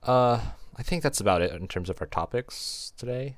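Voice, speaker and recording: A man hosting a casual podcast, laid-back and quick to laugh. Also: medium pitch, lively intonation, no room sound. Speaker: podcast host.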